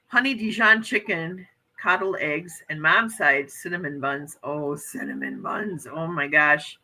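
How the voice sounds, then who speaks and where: Very bright-voiced effusive woman in her fifties. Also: sits low, rough recording. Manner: effusive, gushing exclamations. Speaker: livestream host. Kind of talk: casual morning chat reading viewer comments.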